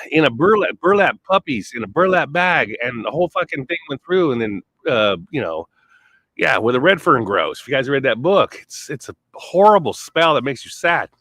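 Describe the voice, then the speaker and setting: This man talks bluntly and profanely, swearing all the time as his monologue drifts, stalls, and starts over. His voice is a little high with a fairly bright tone, captured on a rough recording.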